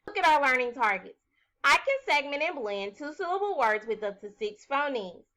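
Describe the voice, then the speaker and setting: A woman teaches a recorded phonics lesson for young children, her voice bright and a little high. She talks slowly and clearly, stretching out sounds as she sounds out words. Her pitch moves around a lot as she encourages the class.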